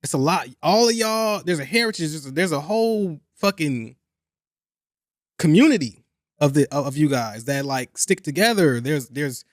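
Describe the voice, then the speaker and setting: A young man hosting a podcast, talking in a casual, animated and profane way, repeating points for emphasis. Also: a little high, normal speed, dry recording, clean studio sound. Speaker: podcast host. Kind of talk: casual chat.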